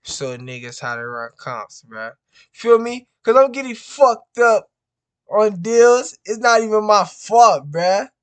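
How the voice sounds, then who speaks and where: Male real estate wholesaler, slow-paced casual vlog delivery, profane and repetitive. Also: sits high, lively intonation, smooth. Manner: frustrated, repetitive, peppers every phrase with "bro". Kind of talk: casual profane venting to camera.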